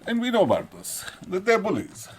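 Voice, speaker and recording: A man's voice: sits high, wildly swooping pitch, brisk, slight background noise. A middle-aged man from South India, giving a rambling, profane political monologue and laughing often between points. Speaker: commentator.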